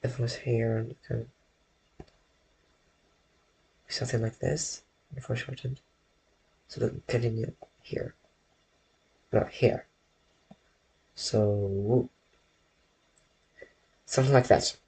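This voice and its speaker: A man's voice: mid-range voice, fairly even intonation, gravelly, a little mellow, slight background noise. A man drawing on a live stream from his bedroom, rambling to his viewers and often correcting himself. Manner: slow, rambling, self-correcting, talks to chat. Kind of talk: casual live-stream chat while drawing.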